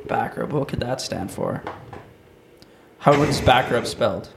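A young man in a casual game chat, quick and matter-of-fact. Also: medium pitch, vocal fry, noisy background.

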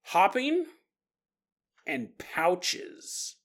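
A man hosting a paranormal storytelling podcast, talking casually in an animated, jokey way and laughing often. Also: high voice, very slow. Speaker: podcast host.

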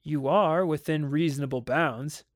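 A man gives voice to a worried father in a spoken storybook. He sounds stern and exasperated, and his outbursts turn sharp. The voice sits a little high, with a close, dry sound. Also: unhurried, no echo, natural voice. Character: anxious wealthy father, stern and uneasy. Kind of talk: dramatic audiobook reading.

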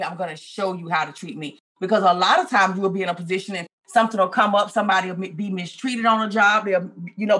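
Woman host, bright tense voice, earnest and encouraging interviewer. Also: mid-range voice, breathy edge. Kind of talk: casual conversation.

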